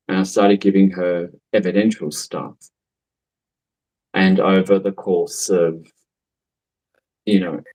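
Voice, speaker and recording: A man's voice: deep voice, darkish tone, rough recording. A man who works as a psychic medium tells a story in a casual, rambling way, full of fillers and asides. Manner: chatty, rambling, with many fillers and laughs.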